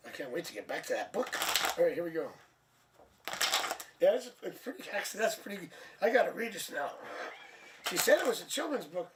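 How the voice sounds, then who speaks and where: A man hosting a live tarot stream, chatting casually and sounding tired and low on energy. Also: sing-song, a little fast, long pauses. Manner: chatty, laughs at himself, thinks aloud. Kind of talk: casual live-stream chat and card reading. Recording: distant mic, faint background noise.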